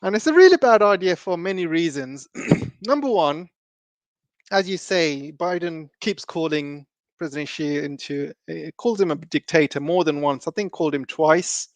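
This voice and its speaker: A man's voice: fairly high pitch, expressive, moderate pace, no room sound. A man hosting a live stream, talking loosely with many ums and restarts.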